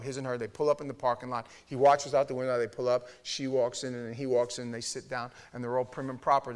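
A man in his fifties from New York, preaching a sermon in a loose, conversational storytelling way that swells into loud, shouted punchlines. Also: medium pitch. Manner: conversational, frequent restarts and fillers.

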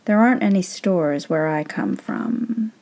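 A woman voicing a grumpy, deadpan Death. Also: on the low side, measured pace, lightly acted. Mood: dry. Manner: blunt, grudging bargainer. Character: weary, dry-witted male Death in a sackcloth robe.

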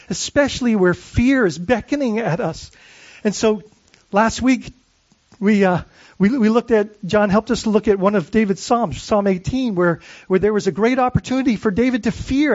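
A man's voice: high voice, a little mellow, no echo, muffled recording. A man preaching a sermon as pastor, earnest and searching, often restarting phrases and asking the congregation questions.

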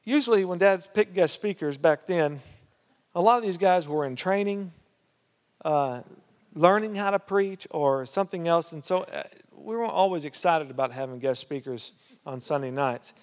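A fairly high-voiced male pastor spins a story from the pulpit, talking casually with plenty of "uh" and "you know". The sound carries a long hall reverb, like a church sanctuary. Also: moderate pace. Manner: conversational, lots of "uh" and "you know", grows animated. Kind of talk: storytelling sermon.

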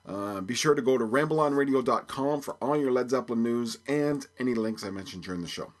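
Brisk and mid-range, this voice belongs to a Belfast man of around fifty hosting his own podcast. His casual solo chat is rambling and jokey, with plenty of fillers.

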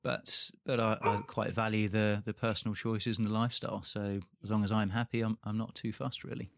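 Gravelly, hesitant man from Guernsey. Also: fairly low pitch, little pitch movement, brisk, no room sound, clean studio sound. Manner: hesitant, with a lot of fillers and restarts. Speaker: interview guest. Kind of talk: interview answers.

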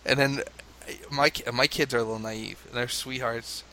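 A man from the United States, a father, telling a lively anecdote in casual conversation, laughing often and mimicking chanting crowds. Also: medium pitch, normal speed.

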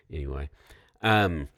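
Very deep-voiced man retelling a Bible story. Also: no room sound, studio quality. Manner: relaxed storytelling, reads scripture aloud. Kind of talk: casual Bible discussion.

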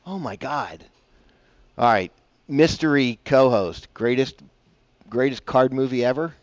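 A man's voice: mid-range voice, a little slow, no room sound, dull audio. A man hosting a casual morning golf radio show, rambling and chatty with self-deprecating asides, on a broadcast mic. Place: broadcasting from a bar.

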